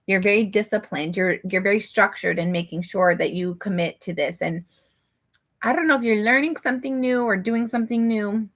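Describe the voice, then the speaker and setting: A woman's voice: mid-range voice, fairly bright tone. A woman giving a casual personal tarot reading, rambling along with lots of "like" and restarts. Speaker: tarot reader. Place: her apartment.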